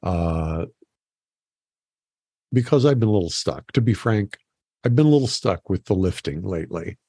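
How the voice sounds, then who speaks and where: A man's voice: low voice, expressive, normal speed, dark tone, slightly rough, dry recording. Easygoing male podcast host. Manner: easygoing, with frequent fillers. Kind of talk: casual interview chat.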